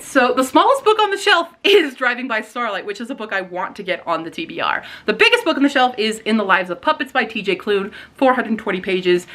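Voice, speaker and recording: Animated woman vlogger with lively pitch. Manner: animated and excitable, squeals at surprises. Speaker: booktube vlogger. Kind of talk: casual chat, reading book blurbs aloud.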